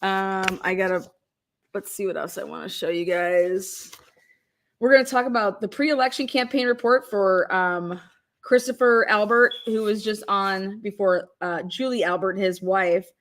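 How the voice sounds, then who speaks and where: A woman hosting a live-stream chat, excitable and giggly, swearing casually. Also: medium pitch, measured pace. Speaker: livestream host.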